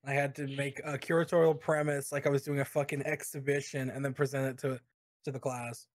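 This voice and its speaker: A young man co-hosting a podcast, telling a story in casual, crude talk with halting restarts. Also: medium pitch, level tone, no room sound. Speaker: podcast co-host.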